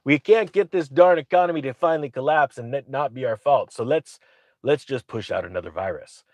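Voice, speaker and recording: A man's voice: medium pitch, brisk, a little mellow, dry recording. A man giving opinionated commentary, sarcastic, often acting out quotes in mocking voices.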